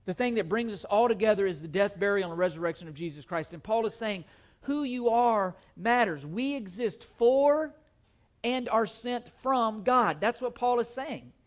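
A man's voice: high-pitched, expressive, normal speed. A man preaching a sermon to his church, earnest and emphatic, often repeating his key phrases. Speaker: pastor. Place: church sanctuary.

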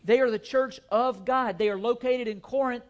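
High-voiced earnest male preacher. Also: normal speed, dull audio. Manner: earnest, emphatic preaching with repeated phrases. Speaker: pastor. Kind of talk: sermon. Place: church sanctuary.

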